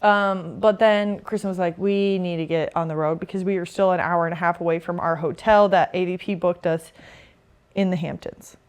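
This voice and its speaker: A woman's voice: on the low side, fairly even intonation, moderate pace, clean tone. A young woman, a beach volleyball player, casually recounting a trip with a friend and laughing often. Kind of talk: casual storytelling chat.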